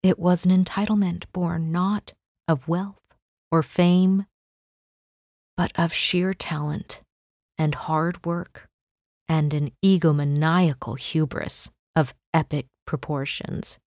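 A woman narrating a novel as an audiobook reader, in measured, unhurried storytelling. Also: on the low side, fairly even intonation, darkish tone, dry recording, clean studio sound. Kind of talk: scripted narration.

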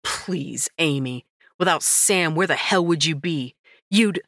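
A woman's voice: deep voice, takes it slowly, a bit bright, no echo, clean studio sound, heavily acted. A woman voicing a snarling, domineering brother. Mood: scornful. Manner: snarling, curt and swearing. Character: angry, domineering adult brother.

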